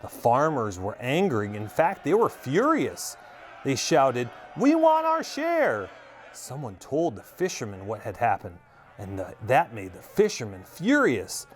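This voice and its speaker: A man reading a children's story aloud, animated and expressive. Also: medium pitch, measured pace, slight background noise.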